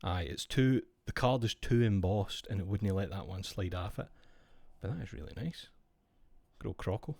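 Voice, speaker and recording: Scottish streamer, man, lowish voice, rambling sweary chat, dry close sound. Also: moderate pace, creaky, darkish tone, no echo. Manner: rambling, sweary, musing aloud to himself. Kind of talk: casual chat while opening trading card packs.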